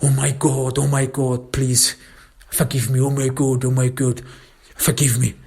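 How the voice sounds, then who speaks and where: A man's voice: mid-range voice, slow pace, creaky, slightly rough, pitched above the performer's own voice, exaggerated voice. A man doing a sobbing, begging middle-aged father.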